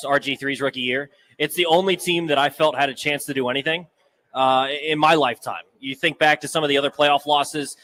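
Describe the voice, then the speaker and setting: A young man co-hosting sports talk radio, giving thoughtful, measured takes. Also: fairly high pitch, bright, forceful tone. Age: young adult. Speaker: radio co-host.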